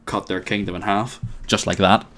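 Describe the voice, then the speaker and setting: A man's voice: lowish voice, level tone, normal speed, a bit bright, a little hiss or hum. A man commentating his own strategy game, thinking aloud with plenty of hesitations and wry asides. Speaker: let's play host.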